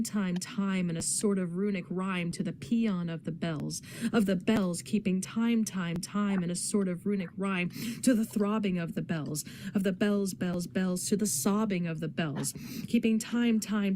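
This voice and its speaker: A woman reading poetry aloud in a dramatic, expressive recitation. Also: on the low side, a little hiss or hum. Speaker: poetry reader in a readathon.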